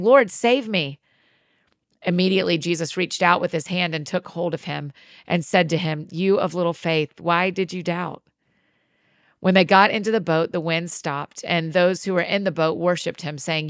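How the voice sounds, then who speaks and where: A woman with a fairly low voice reads scripture aloud in a measured, even tone. The sound is close and dry, with no room around it. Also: dry recording. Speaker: scripture reader. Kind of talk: scripted Bible reading.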